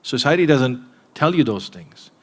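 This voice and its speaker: A man preaching a sermon in a mosque, earnest and direct with his listeners, moving between emphatic points and hushed asides. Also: medium pitch, very animated, moderate pace. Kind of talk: sermon to a live congregation.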